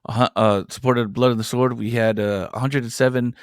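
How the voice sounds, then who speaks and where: A young man, a comic book creator and podcast guest, telling stories in an animated way with lots of swearing. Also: mid-range voice, a little fast, clear, resonant tone, no room sound, clean studio sound. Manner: animated storyteller, swears freely. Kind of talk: casual chat.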